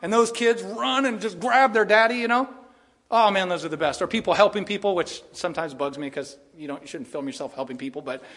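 Man, pastor's sermon, slightly higher voice, earnest, chatty asides. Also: a bit bright. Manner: earnest and conversational, with asides and chuckles.

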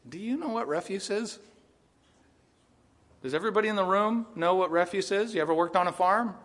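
A man preaching a sermon in a church, rising loud for rebukes and dropping quiet to mock excuses. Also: high voice, fairly quick, long pauses, long reverb tail. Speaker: pastor. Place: church sanctuary.

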